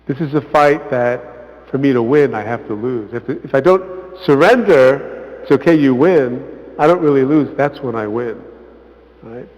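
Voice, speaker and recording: A man, a visiting priest, giving an informal parish talk, conversational and often asking "right?", acting out quotes with lively emphasis. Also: medium pitch, unhurried. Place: church hall. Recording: echoey church hall, muffled sound.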